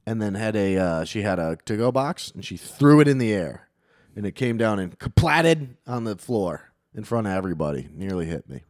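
A man tells a rambling story on a podcast with a swinging, lively pitch, cursing freely and belting out the quoted lines. The sound is close and dry, with no room around him. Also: moderate pace, no echo. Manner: profane, animated, shouts out quoted lines in raised voice. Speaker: podcast co-host. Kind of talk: casual storytelling chat.

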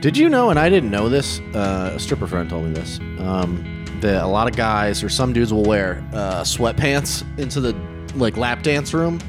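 A man's voice: lowish voice, big pitch swings, normal speed, music in the background. A man hosting a comedy podcast, chatting casually with guests, laughing often and slipping into funny voices. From half Italian, half Irish heritage. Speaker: podcast host.

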